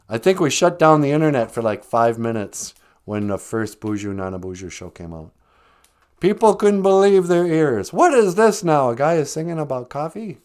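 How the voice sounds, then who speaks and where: A man's voice: mid-range voice, a little mellow, clear, resonant tone. An older man hosting a live stream, telling chatty stories and laughing often as he talks. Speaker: host. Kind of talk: casual storytelling on a live stream.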